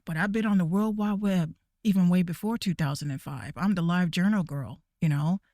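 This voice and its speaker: A woman's voice: on the low side, normal speed, darkish tone, no echo, studio quality. A woman VTuber ranting casually to her viewers, profane and rambling, with stammering restarts. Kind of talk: casual rant.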